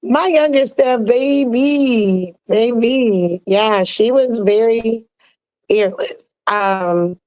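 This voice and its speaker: A woman speaking as a podcast guest in casual, reflective chat, telling stories in an expressive, colloquial way over a video call. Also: fairly high pitch, slow pace, no echo, rough recording.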